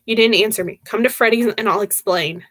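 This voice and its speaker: A woman voicing a calm, patient young man on the phone while reading a horror novel aloud. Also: medium pitch, fairly quick, dry recording, clean studio sound, close to an everyday voice. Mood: soothing.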